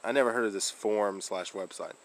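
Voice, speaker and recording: A man's voice: on the low side, fairly quick, rough recording. A man vlogging casually, rambling through a story with fillers, restarts and laughs.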